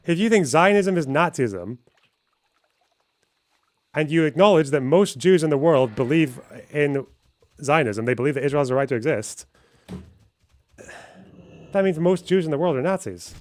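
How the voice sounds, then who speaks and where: A man's voice: on the high side, expressive, measured pace, long pauses. A young man from Scotland with an Aberdeen accent, arguing a point on a livestream with rhetorical questions. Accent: Scottish, Aberdeen. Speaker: streamer host. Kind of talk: casual livestream talk.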